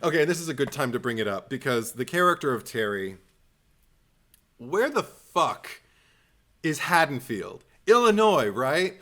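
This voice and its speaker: A man hosting a casual film podcast, animated and swearing freely, acting out scenes as he talks. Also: mid-range voice, a little slow. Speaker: podcast host. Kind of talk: casual film review chat.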